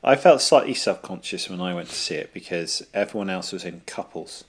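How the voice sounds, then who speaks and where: A man's voice: low voice, expressive, fairly quick, breathy edge. A man co-hosting a podcast, trading jokes in casual chat and laughing often. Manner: jokey banter, laughs often. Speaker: podcast co-host.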